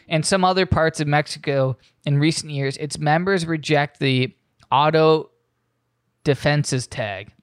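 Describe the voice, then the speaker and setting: Podcast guy rambling and cussing, kinda high voice, dead dry room. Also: clear, resonant tone, no echo. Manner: rambling, profane, often reads news aloud. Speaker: podcast host. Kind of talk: casual podcast monologue.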